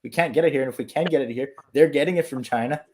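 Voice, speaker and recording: A man in a casual podcast chat, agreeable and quick, often restarting his words. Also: medium pitch, a little mellow.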